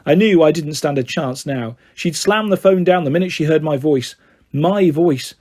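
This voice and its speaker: Man, storyteller, children's book reading, expressive, steady, slightly high voice. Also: normal speed.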